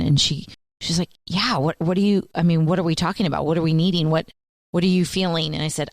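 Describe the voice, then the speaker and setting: A woman radio co-host in her thirties tells animated stories with a low voice. She acts out the people she quotes. The studio sound is dry and close. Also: quick pace, dry recording. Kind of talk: casual radio banter.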